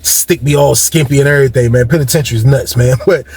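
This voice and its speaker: A man's voice: medium pitch, fast, gravelly, darkish tone. A man casually telling a long story in a rambling, slangy way, addressing his listeners directly.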